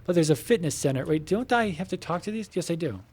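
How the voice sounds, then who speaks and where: A man chats casually with viewers from his home computer room while playing a game, rambling with plenty of fillers, offhand swearing and side comments about the game. His voice is on the high side and a little mellow, with lively intonation and a quick pace.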